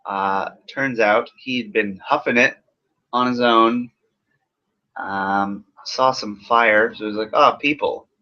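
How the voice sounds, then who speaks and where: A man's voice: on the low side, fairly even intonation, slow, sharp tone. A man giving a casual, rambling film review full of sarcasm and swearing. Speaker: movie reviewer. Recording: dull lo-fi recording.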